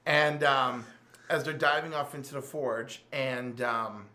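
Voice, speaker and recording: A man hosting a casual podcast, excitedly recapping a comic storyline with lots of filler words. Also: medium pitch, measured pace. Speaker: podcast host reviewing comics. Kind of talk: casual chat. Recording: roomy echo.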